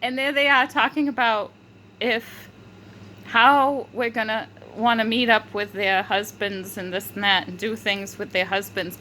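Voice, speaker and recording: A woman's voice: on the high side, pushed and bright, a little hiss or hum, low-quality recording. A woman vlogger telling a rambling story, full of fillers, restarts and frequent giggling. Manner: filler-heavy, restarts often. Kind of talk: casual rambling monologue.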